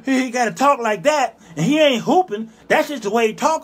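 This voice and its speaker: A man in his fifties hosts his own show with a strikingly high voice, lecturing his listeners in a fierce, preachy rant. He hammers the same short phrases again and again and breaks into shouts without warning. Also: lively intonation, moderate pace, few pauses, a little hiss or hum. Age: 50s. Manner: fiery, scolding, preachy, bursts of shouting. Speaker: show host. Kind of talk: ranting monologue.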